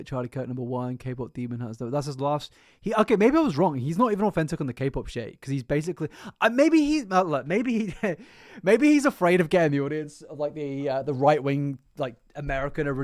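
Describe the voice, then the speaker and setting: A man's voice: medium pitch, darkish tone, dry recording, studio quality. A man chatting casually on his livestream, rambling, swearing freely and mocking himself. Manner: rambling, profane, self-mocking.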